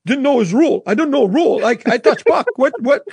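A man's voice: extremely high pitch, lively intonation, brisk, creaky, darkish tone, husky, no room sound, heavily acted. A man voicing a baffled Russian hockey winger with a Russian accent, protesting a penalty call.

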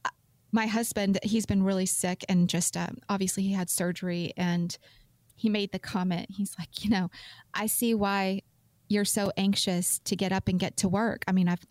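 A woman's voice: mid-range voice, steady tone, normal speed, a little mellow, no echo. A middle-aged woman, a financial advisor chatting as a radio show guest in an upbeat, reassuring way. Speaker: financial advisor and firm CEO.

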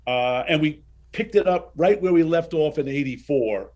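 A man in his sixties, a guest in an interview, telling anecdotes in a casual, animated way and acting out the dialogue. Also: on the high side, moderate pace, dull audio.

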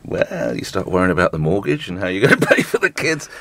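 A man's voice: sits low, huge pitch swings, fast talker, fairly bright tone. A middle-aged man, a breakfast radio host, talking frankly and joking in a casual interview, with lots of restarts and the odd swear word.

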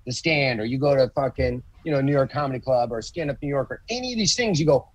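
A man chatting on a podcast, telling stories with swearing and lively acted-out quotes. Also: mid-range voice, fast talker, few pauses, dry recording, poor audio. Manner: profane, animated storytelling with acted quotes. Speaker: comedian guest. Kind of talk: casual podcast chat.

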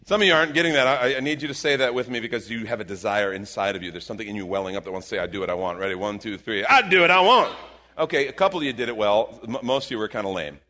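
A man preaching a live sermon as pastor, animated and joking with his congregation in a church auditorium. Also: on the low side, rapid-fire, few pauses. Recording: long hall reverb from a church room.

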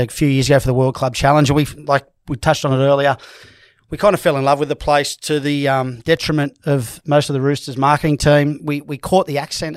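A man presenting a club radio show in a jokey, upbeat way. His voice sits a bit high, and the mic is close and dry. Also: dry recording. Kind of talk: casual sports chat.

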